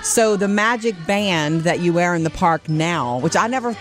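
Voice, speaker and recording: A woman's voice: lowish voice, animated, moderate pace. A middle-aged woman co-hosts a morning radio show with a chatty, digressive way of talking. She laughs easily and wanders through her stories. Faint music plays under her voice. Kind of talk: casual show banter.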